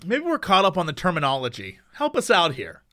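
A man co-hosting a casual podcast chat, teasing his partner with jokes and laughing quickly. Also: sits high, wildly swooping pitch, pushed and bright. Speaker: podcast co-host.

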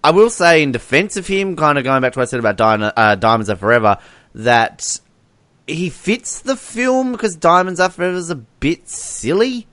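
A man talks in an animated, playful podcast chat. His pitch swings widely as he speaks. The room sound is dry and close. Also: moderate pace, dry recording. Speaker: podcast co-host. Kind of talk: casual chat ranking film villains.

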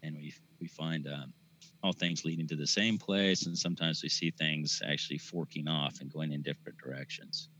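A man talking casually about spiritual ideas as a podcast guest, thoughtful and halting with many fillers. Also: a bass voice, steady tone, pushed and bright, lo-fi sound.

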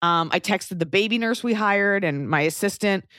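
A woman's voice: medium pitch, lively intonation, moderate pace, fairly bright tone, no echo, clean studio sound. A woman in her thirties telling a personal story in a casual, wry way, acting out other people's voices as she goes.

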